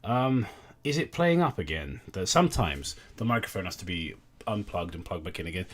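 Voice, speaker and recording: Deep husky man, lively delivery. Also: moderate pace. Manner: wry, sweary, reads aloud and thanks donors. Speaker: livestream host. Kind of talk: casual livestream commentary.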